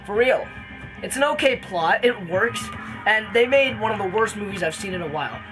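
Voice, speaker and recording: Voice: medium pitch, animated, moderate pace, over music, rough recording. A casual movie reviewer retelling a plot in a rambling way, full of fillers and restarts.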